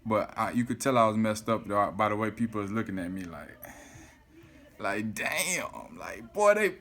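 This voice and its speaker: Animated man telling a story. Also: on the low side, normal speed. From South Florida. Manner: animated, swears often, keeps saying "you feel me". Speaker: vlogger. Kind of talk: casual storytelling to camera.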